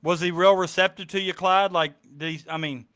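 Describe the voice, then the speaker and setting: A man's voice: sits high, steady tone, a little fast, fairly bright tone. A man chatting casually on a streamed podcast, rambling with many ums. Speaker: podcast co-host. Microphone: streaming mic.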